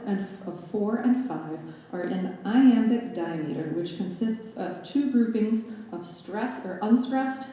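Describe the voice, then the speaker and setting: In a recital hall full of roomy reverb, a young adult woman with a warm, mid-range voice presents her graduate lecture recital. She works through slides and sprinkles wry, playful asides into the scholarly material.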